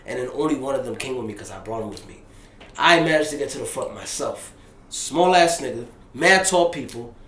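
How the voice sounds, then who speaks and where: A young man, a rapper being interviewed, telling a story in casual, animated fashion, dropping low and hushed and then rising loud and excited. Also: a little fast. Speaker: rapper guest. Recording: roomy echo.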